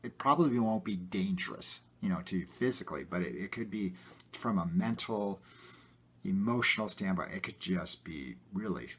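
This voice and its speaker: A man with a husky, low voice talks straight to his viewers in a loose, rambling way, leaning on little fillers as he goes. His pitch swings widely as he gets animated. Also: normal speed. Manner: rambling, many "you know" fillers, animated. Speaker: video host. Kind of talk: casual personal talk to camera.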